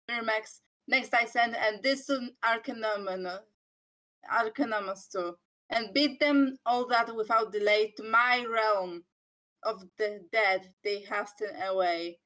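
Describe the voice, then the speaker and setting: A woman's voice: fairly high pitch, bright, forceful tone, poor audio. A woman reading the part of a stern male god of the underworld, delivering threatening verse in an amateur online play reading.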